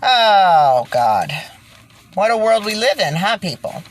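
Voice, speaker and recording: Indoors by fading daylight, a woman video creator with a mid-range, brisk voice and a breathy edge gives indignant commentary, repeating points for emphasis. She then reads a news report aloud, stumbling over words.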